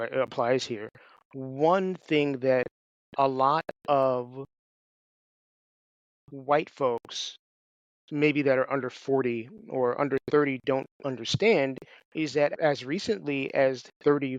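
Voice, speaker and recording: A man's voice: mid-range voice, a little slow, no room sound. A man in his forties from New York, hosting a podcast, talking in an emphatic, blunt, casual way. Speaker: podcast host. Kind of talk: casual conversational interview. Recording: slightly dull, lo-fi sound.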